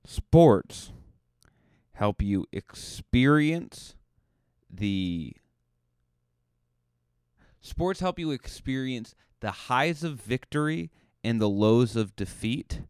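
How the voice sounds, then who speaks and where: Male podcast host, comic rambling monologue, clear low voice, dry close recording. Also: a little mellow, no room sound. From Cape Cod, Massachusetts. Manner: joking, rambling, self-deprecating. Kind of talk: comedic monologue.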